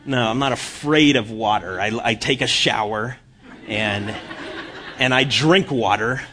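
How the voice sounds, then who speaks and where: A man giving a sermon as guest preacher, joking at his own expense with halting restarts. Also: medium pitch, bright, forceful tone, a little hiss or hum. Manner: self-deprecating humor, halting restarts. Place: church.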